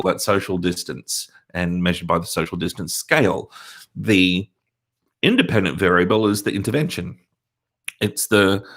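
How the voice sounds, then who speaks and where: A man, a university lecturer explaining methods in a live-streamed Q&A, measured and pausing often with ums. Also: low-pitched, fairly bright tone. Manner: measured, explanatory, with frequent hesitations. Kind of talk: live-streamed Q&A on a lab report.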